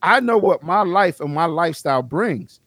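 A man's voice: expressive, moderate pace, fairly bright tone, no room sound, clean studio sound. A man co-hosting a casual group podcast, teasing and joking with friends. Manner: teasing, joking, swings high and low.

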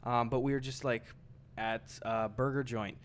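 A man's voice: mid-range voice, steady tone, moderate pace, slight background noise. Swearing man telling a story. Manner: swearing storyteller, acts out quotes. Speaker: podcast co-host. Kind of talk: casual chat.

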